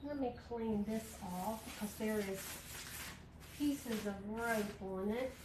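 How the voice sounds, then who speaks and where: A woman's voice: on the high side, takes it slowly. A middle-aged woman, chatting casually with viewers and reading their comments as she does a craft project on a livestream. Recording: echoey room with clear background noise.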